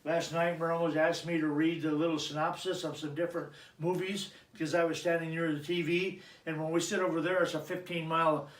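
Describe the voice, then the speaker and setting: Pastor, male, high-pitched voice, casual preaching with humor, echoey sanctuary heard from a distance. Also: little pitch movement, brisk, few pauses. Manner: joking, chatty asides to the congregation. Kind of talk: conversational sermon. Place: church sanctuary. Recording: echoey church, mic at a distance.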